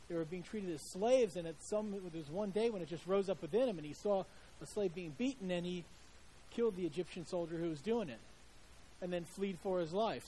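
A man's voice: high voice, mellow, slight background noise, low-quality recording. A male preacher giving a sermon in a conversational storytelling way, with frequent restarts.

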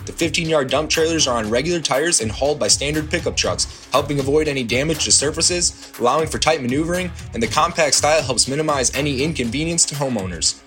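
A man reading a sponsor advertisement for his local dumpster business in a friendly, steady way. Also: on the high side, quick pace, few pauses, soft background music. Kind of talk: read advertisement.

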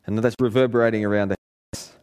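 A man preaching a sermon, telling a family story in an earnest way and rising in pitch when he presses a point. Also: fairly even intonation, fast, a little mellow, clean tone. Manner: earnest storytelling, pitch climbing in emphatic passages. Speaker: pastor. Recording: long hall reverb.

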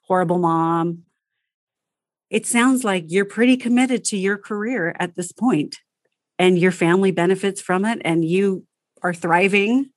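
A woman in a coaching conversation who gives advice plainly and practically. She sits at a middle pitch for a woman and keeps her delivery lively and engaged. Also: a little slow, no echo, clean studio sound. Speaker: parenting coach.

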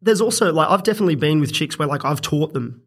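A man's voice: fairly high pitch, animated, quick pace, fairly bright tone, breathy edge. A young man telling a story in casual podcast chat, rambling and profane, often laughing. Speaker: podcast guest.

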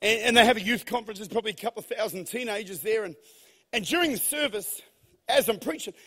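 A man preaching a sermon in a large church hall, telling stories in a lively, animated way that swings from hushed to shouting. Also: high voice, fast talker, slightly rough. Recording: long hall reverb.

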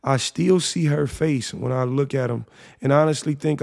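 A man's voice: medium pitch, normal speed, gravelly, darkish tone. A young man in his twenties, a podcast host, casually and emotionally reading his own journal entries aloud in a slangy, reflective way.

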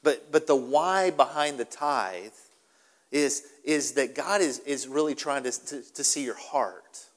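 A man's voice: medium pitch, a little slow, in a large hall. A male pastor preaching a sermon in an emphatic style, often repeating his words for stress. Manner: animated, repetitive, emphatic.

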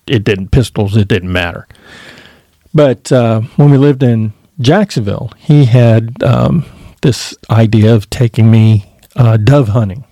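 A man's voice: fairly low pitch, dark tone, no echo, clean studio sound. A man casually telling stories from his youth, swearing freely and laughing as he goes. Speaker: podcast storyteller. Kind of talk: casual storytelling.

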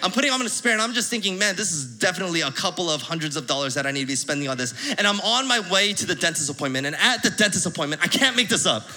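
Bright-voiced young man telling a church story. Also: fairly high pitch, racing, hardly any pauses. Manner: animated, laughing storyteller acting out his own reactions. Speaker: church speaker sharing a testimony. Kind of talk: sermon storytelling.

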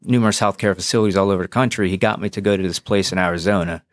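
A man's voice: low-pitched, steady tone, very fast, no room sound, clean studio sound. A man and former police officer telling his own story on a podcast, frank and profane, acting out past conversations. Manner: frank and profane, re-enacts dialogue. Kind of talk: candid personal storytelling.

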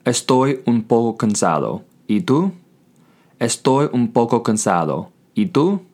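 A man hosting a scripted Spanish lesson, speaking clearly and patiently, repeating each phrase slowly for learners. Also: medium pitch, sing-song, a little mellow. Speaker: Spanish language teacher.

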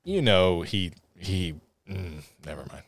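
A man's voice: deep voice, lively intonation, slow, creaky. Crude, joking man podcast co-host. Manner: crude jokester, mumbling asides. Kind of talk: casual crude banter.

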